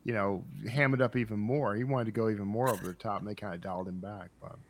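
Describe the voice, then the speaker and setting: A man's voice: on the low side, steady tone, fast. A man co-hosting a podcast, sharing movie trivia in casual chat with a dry, teasing sense of humor. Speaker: podcast co-host.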